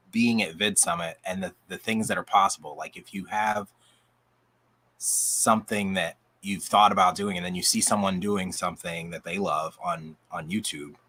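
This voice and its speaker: A man's voice: low-pitched, pushed and bright, slightly rough. A man, a coach, chatting enthusiastically on a group video call, his voice going out. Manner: upbeat, enthusiastic, rambling with restarts. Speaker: coach, channel guest.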